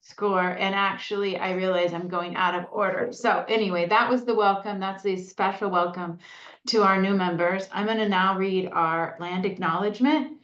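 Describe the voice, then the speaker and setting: A woman's voice: mid-range voice, steady tone, normal speed, a bit bright. A woman chairing a county task force meeting, opening it in a chatty, upbeat, self-deprecating way. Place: meeting room. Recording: echoey lo-fi meeting audio.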